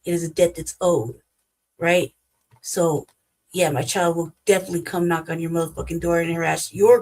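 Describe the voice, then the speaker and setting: A woman's voice: on the low side, rough recording. Blunt, profane woman host. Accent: African American English. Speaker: host reacting to a clip. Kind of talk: casual commentary.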